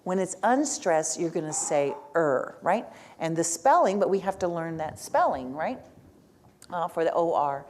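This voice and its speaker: Animated woman lecturing teachers. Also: lowish voice, normal speed. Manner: animated, asks the audience questions, frequent "right?"; speaks as the learner in first person. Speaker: lecturer on spelling instruction. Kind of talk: workshop lecture.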